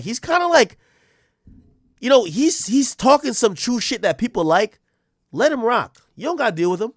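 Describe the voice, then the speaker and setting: A man streams his reaction commentary in a blunt, ranting way, swearing freely and talking straight at the subject. His voice sits a little high and swings widely in pitch. The close mic sounds dry, with no room echo.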